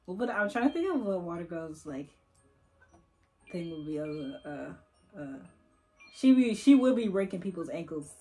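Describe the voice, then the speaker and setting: A young female gaming YouTuber speaks in a lowish, mellow, sing-song voice at a moderate pace, leaving long pauses. She provides casual let's-play commentary at her computer, talking with viewers and coaxing and teasing the game characters, with faint game music in the background.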